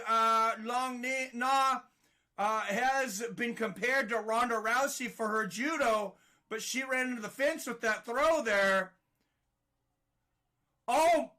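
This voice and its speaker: A man giving excited live play-by-play fight commentary, rising to shouts at big moments. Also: very high voice.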